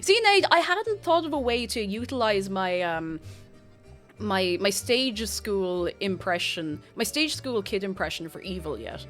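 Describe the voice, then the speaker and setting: Lively chatty streamer woman. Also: medium pitch, a little slow, faint music behind. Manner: animated, self-interrupting, chatty with viewers. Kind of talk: casual live-stream chat. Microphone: desk microphone.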